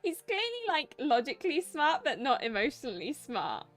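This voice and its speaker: A young woman streamer reads a romance game aloud and chats excitably between lines. Her voice sits fairly high. Faint music plays underneath. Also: moderate pace. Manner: excitable, laughing asides. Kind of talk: reading a visual novel aloud with casual commentary.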